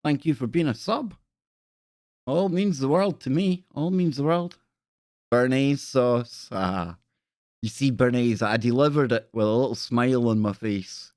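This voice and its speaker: A man's voice: medium pitch, unhurried, darkish tone, dry recording. Dry, scornful man hosting a livestream. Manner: scornful, rambling, chatty with viewers. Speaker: live stream host. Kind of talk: casual live stream chat.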